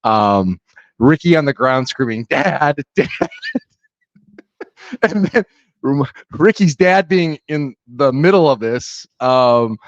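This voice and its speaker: A man's voice: mid-range voice, takes it slowly, long pauses, no room sound. Laid-back male podcast co-host, dull mic. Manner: relaxed storyteller, lots of "like" fillers. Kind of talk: casual podcast chat.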